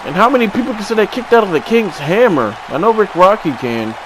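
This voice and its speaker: A man giving excited play-by-play commentary on a video game wrestling match, swinging from low mutters to sudden shouts. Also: fairly quick, rough recording. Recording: crowd and game noise behind.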